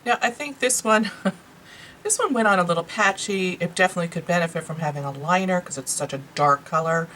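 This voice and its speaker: Talking briskly in a fairly low, slightly bright voice, a New York-accented beauty vlogger chats with her viewers about products she bought, enthusiastic and heavy on fillers. The low-quality recording has slight background noise.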